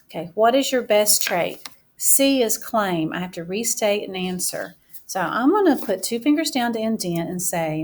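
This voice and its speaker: Woman, teacher, writing mini-lesson, slow and deliberate, says words as she writes. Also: mid-range voice, lively intonation.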